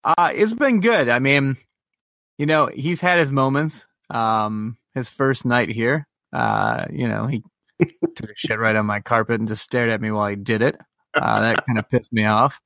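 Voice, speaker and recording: A man's voice: medium pitch, expressive, measured pace, creaky, a bit bright, no room sound, clean studio sound. Profane man telling a rambling story. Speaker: podcast co-host. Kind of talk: casual podcast chat.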